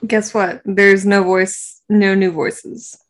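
A young woman co-hosting a casual podcast, playful and excitable, laughing a lot. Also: medium pitch, slow. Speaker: podcast co-host. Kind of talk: casual chat.

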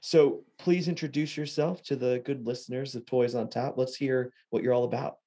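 A man's voice: mid-range voice, steady tone, normal speed, mellow. A man hosting a casual podcast interview, talking in a rambling way with lots of filler words. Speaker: podcast host.

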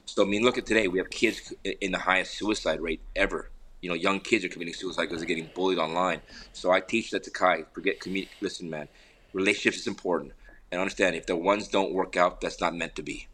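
A man's voice: low voice, quick pace, husky. A middle-aged man, a podcast guest and father, talking casually over a remote call from home, telling stories with many repeats and restarts. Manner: animated storyteller, repeats words and restarts often. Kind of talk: casual conversational interview. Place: home in an air park community.

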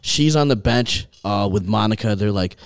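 A young man hosting a casual chat, telling a rowdy night-out story in an animated, profane way and laughing along as he goes. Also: fairly low pitch, moderate pace, smooth. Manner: animated, profane, laughs through his stories.

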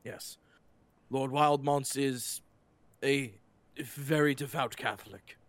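Formal male butler, clipped and polite, performed by a man, even middle pitch. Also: slow pace, no echo. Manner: clipped and formal, says "quite".

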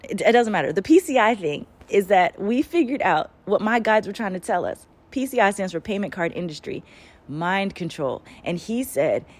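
A woman who works as a spiritual channeler tells a story casually and with lots of energy, rambling and swearing as she goes. Her voice is husky and mid-range, at a moderate pace.

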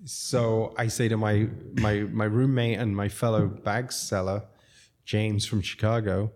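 Low-voiced rambling South African-raised man. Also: little pitch movement, a little slow, darkish tone. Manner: rambling, chuckles often, self-interrupting. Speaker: restaurateur guest. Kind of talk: casual storytelling.

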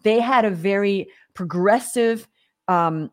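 A woman's voice: medium pitch, takes it slowly. A middle-aged woman from Australia speaks as a guest in a casual interview. She tells her stories with energy, slips into the voices of the people she quotes, and often stumbles and restarts mid-sentence. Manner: animated storyteller acting out quoted voices, many restarts. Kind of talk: casual storytelling in a podcast interview.

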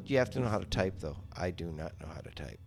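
A man's voice: deep voice, expressive, quick pace, gravelly, darkish tone, soft background music. A middle-aged man chatting casually as a podcast guest, rambling with many restarts and salty language. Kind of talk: casual chat.

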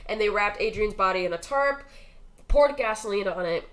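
A woman's voice: mid-range voice, lively intonation, moderate pace, low-quality recording. A young woman casually retelling a true crime story, rambling with lots of "like," swearing freely and acting out what people said. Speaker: podcast co-host telling a true crime story.

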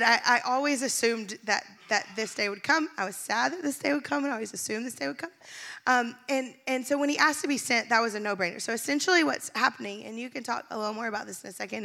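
Woman pastor, church stage, candid and emotional, bright and gravelly, high voice. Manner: candid, emotional, laughs often. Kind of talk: sermon-style church announcement.

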